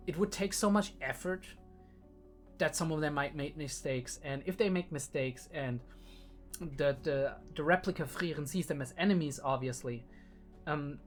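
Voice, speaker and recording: A young man whose first language isn't English talks through an anime episode in casual reaction commentary. He rambles and thinks aloud, full of ums and half-started sentences. Quiet music plays faintly behind him. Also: fairly high pitch. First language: not English. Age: young adult. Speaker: reaction video host.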